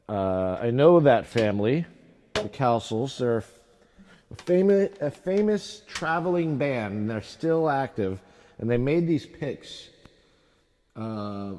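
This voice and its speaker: A man's voice: mid-range voice, a little mellow. A man streaming from his home studio, chatting casually and rambling as he jokes at his own expense. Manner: rambling, self-mocking, repeats tongue twisters. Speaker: streamer making music. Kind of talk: casual livestream chat.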